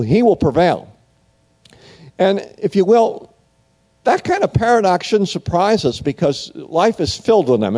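A man preaching a sermon in an animated way, often restarting phrases and repeating "if you will". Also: fairly high pitch.

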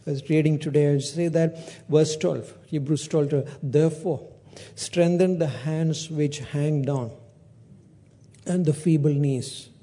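A man's voice: on the high side, steady tone, takes it slowly, warm tone. A man preaching a sermon, retelling a parable with acted-out dialogue and frequent restarts.

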